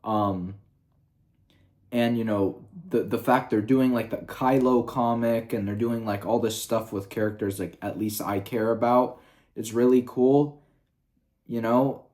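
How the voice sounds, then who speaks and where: A man with a somewhat low voice talks through a review vlog in a loose, rambling way. He swears freely and leans on fillers as he goes. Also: fairly even intonation, measured pace, darkish tone. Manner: rambling and profane, heavy with fillers. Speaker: video reviewer.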